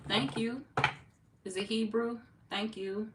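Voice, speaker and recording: A woman reading tarot talks slowly in a slightly high voice with fairly even intonation. Relaxed and talkative, she reads viewer comments aloud during a casual live-stream chat, captured noisily in an echoey room with the mic set far off.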